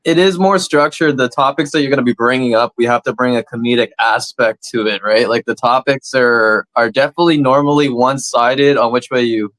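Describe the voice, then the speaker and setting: A Canadian man in casual podcast chat, blunt and quick to swear. His voice sits at an ordinary middle pitch. The sound is close and dry, with no room around it. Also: steady tone, a bit bright, dry recording, rough recording. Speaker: comedy podcast co-host.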